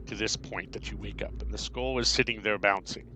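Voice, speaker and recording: A man narrating a tabletop game as game master, halting and repeating himself with many fillers. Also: on the low side, steady tone, noisy background. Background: background music.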